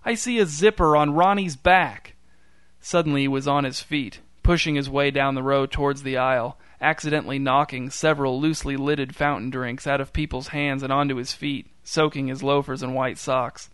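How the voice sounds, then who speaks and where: Male narrator, mid pitch, dry deadpan delivery, clean dry studio read. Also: fairly quick, hardly any pauses, clean tone, no room sound. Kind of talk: scripted story narration.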